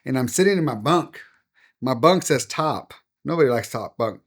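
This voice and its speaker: A man's voice: medium pitch, moderate pace. A middle-aged man, a pastor, recounts a personal story in a podcast interview, with a mid-range voice. He slips into the voices of the people he quotes and keeps the story moving. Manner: animated storyteller acting out quoted dialogue. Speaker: pastor and guest.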